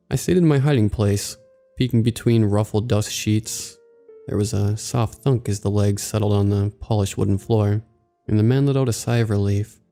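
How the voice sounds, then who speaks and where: Gravelly low-voiced male horror narrator. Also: warm tone. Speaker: story narrator. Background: faint background music.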